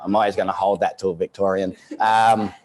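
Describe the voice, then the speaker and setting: A man with a South Australian accent speaks to a live audience in a studio. His fairly low voice carries a joking, chatty storytelling manner, full of restarts and chuckles. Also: flat delivery, fairly quick, heavy background noise. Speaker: guest speaker. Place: studio event space.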